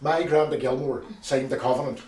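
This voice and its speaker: An actor playing a blustering, sarcastic loyalist husband with a Belfast accent. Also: male voice, medium pitch, steady tone, brisk, a little mellow, a little hiss or hum, natural voice. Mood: ranting. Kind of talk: film drama acting. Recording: roomy audio from a distance.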